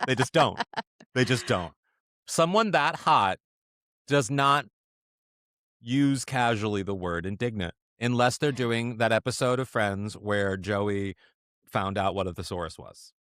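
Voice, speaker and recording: A man co-hosting a podcast, chatting casually and playfully with quick jokey asides. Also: on the low side, fairly bright tone, no room sound, clean studio sound. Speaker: podcast co-host. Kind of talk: casual chat.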